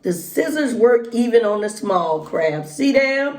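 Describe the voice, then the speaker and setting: A woman's voice: fairly high pitch, lively intonation, a little mellow. Folksy woman chatting while eating. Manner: chatty, folksy, talks between bites with pauses. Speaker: vlogger. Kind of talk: casual mukbang vlog, talking while eating. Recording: echoey room.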